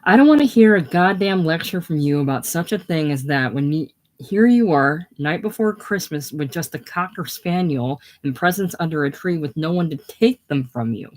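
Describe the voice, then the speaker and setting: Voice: medium pitch, lively intonation, normal speed, hardly any pauses, a little mellow, lightly acted. A reader doing a blustering brash young man. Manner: defensive, blustering. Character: boastful brash young male war buddy. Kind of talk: casual play reading.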